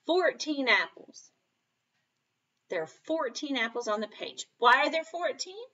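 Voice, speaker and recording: A woman teaching a kindergarten math lesson on video, talking slowly and encouragingly to young children in a sing-song, playful way. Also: sits high, very animated, sharp tone, husky, dull audio. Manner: playful mock surprise, sometimes dropping to a whisper.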